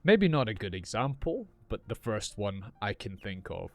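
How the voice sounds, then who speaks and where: A man teaching English in an unscripted podcast, explaining slowly and clearly as he improvises. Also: fairly low pitch, big pitch swings, no room sound.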